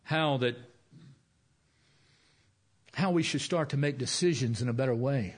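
Middle-aged pastor, man, conversational sermon delivery, folksy, soft emphasis, average pitch. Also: measured pace, slightly rough.

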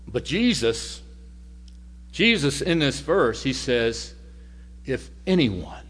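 Male preacher, mid-pitched, folksy storytelling sermon, swings between loud and hushed. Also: big pitch swings, slow pace. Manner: conversational, varies loudness from loud to near-whisper.

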